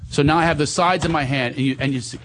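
A middle-aged male actor telling a self-mocking story in casual chat, animated and laughing often. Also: a little high, quick pace, noisy background. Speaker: actor and guest.

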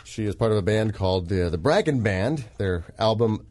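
A man hosting a radio show, joking through quick banter with his co-host and guest. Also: on the low side, lively intonation, darkish tone, no echo. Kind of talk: casual radio chat. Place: radio studio.

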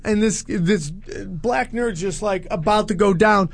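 A man casually telling a story on a podcast, animated and swearing a lot, acting out the voices of the people in it. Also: high-pitched, measured pace, gravelly, dry recording. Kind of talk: casual chat.

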